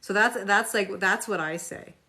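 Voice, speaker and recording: A woman's voice: medium pitch, moderate pace, pushed and bright. A woman hosting a live tarot reading, talking casually with viewers in a sarcastic, chatty way and reading card meanings aloud.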